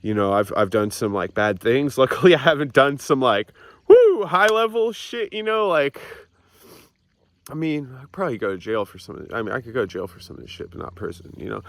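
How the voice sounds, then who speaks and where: A young man records a casual confessional vlog on a hillside outdoors with a handheld camera. His mid-range voice swings widely in pitch and runs a little fast as he rambles, swears, mocks himself and keeps restarting.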